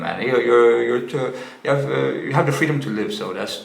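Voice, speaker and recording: Angry, sarcastic man with a gravelly voice. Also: medium pitch, roomy sound. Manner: angry, sarcastic, heavy swearing, halting restarts. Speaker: commentator reacting to a clip. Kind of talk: profane reaction commentary.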